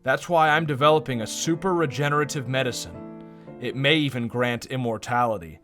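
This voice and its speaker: A man voicing a calm, secretive male doctor in a flat, measured way. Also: mid-range voice, faint music behind, lightly acted.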